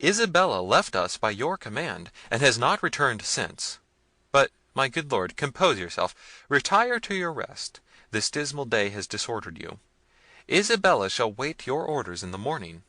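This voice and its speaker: A man voicing a gentle, devoted middle-aged princess in a raised, soothing voice. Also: medium pitch, very animated, normal speed, no echo, voice pushed up. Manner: soothing, pleading delivery.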